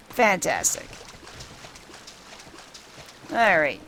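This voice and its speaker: A woman's voice: medium pitch, very animated, drawn-out words, a bit bright, faint music behind. A woman giving casual, wry commentary while playing a video game, amused by what happens. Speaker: gamer. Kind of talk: casual let's-play commentary.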